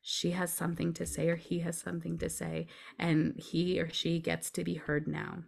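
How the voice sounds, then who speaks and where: Low-voiced woman calmly explaining. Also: moderate pace, creaky. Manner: earnest, reassuring, often checks in with "right?". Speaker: podcast guest, grief coach. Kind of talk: conversational explaining.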